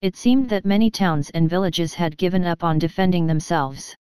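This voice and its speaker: A woman narrating an audiobook in a steady, even storytelling manner. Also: fairly low pitch, moderate pace, clear, resonant tone, no room sound. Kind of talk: scripted narration.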